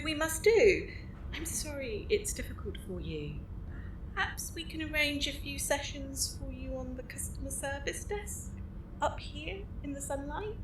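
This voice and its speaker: A woman's voice: high voice, a little hiss or hum. A woman playing an earnest duty-bound library supervisor. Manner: formal, old-fashioned and earnest. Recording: echoey room.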